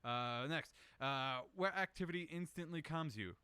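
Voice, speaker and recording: A man's voice: a little high, moderate pace, sharp tone, smooth, no echo. A young man hosting a casual solo show, rambling through questions in a profane, self-mocking way. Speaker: podcast host answering questions.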